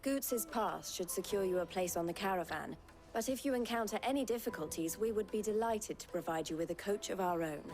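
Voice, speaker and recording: This woman speaks at medium pitch, a little quickly, with a darkish tone and light acting. She is voicing a gracious yet shrewd businesswoman who heads a caravan company, in a game cutscene with soft music underneath. Her manner is polished, gracious and slyly teasing.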